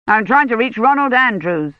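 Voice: medium pitch, lively intonation, normal speed, no room sound, voice pushed up, natural voice. An audiobook reader voicing a harried older male academic who speaks curtly and insistently. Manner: curt, insistent. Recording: slightly muffled dry studio read.

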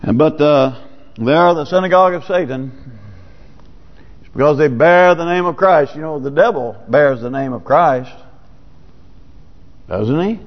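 A man's voice: on the high side, animated, a little slow, pauses often. A man preaching a sermon in a church, talking in a folksy, conversational way with sudden rises. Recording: dull, lo-fi church recording with long reverb.

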